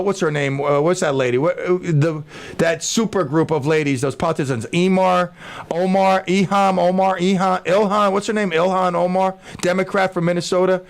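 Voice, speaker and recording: A man hosting a talk radio show, rambling in a casual monologue with stammers, restarts and jokes. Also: high-pitched.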